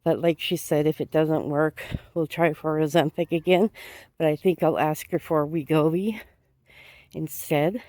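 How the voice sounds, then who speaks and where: A woman's voice: low voice, steady tone, a little slow, no room sound. Breathless woman chatting on a walk. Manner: chatty, rambling, laughs softly. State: has a cold. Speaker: vlogger. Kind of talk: casual vlog chat while walking. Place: outdoors on a sidewalk.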